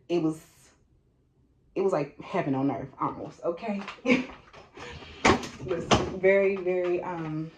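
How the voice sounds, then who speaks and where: A woman's voice: lowish voice, noisy background. A young woman telling a personal storytime in a casual vlog, blunt and profane, laughing often and tagging lines with "okay?".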